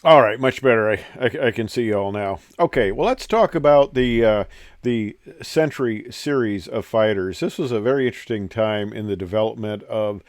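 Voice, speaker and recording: A man's voice: fairly low pitch, normal speed, no room sound, studio quality. An older man and former pilot talks casually about old fighter planes, rambling with many "uh"s and restarts. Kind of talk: casual talk over pictures.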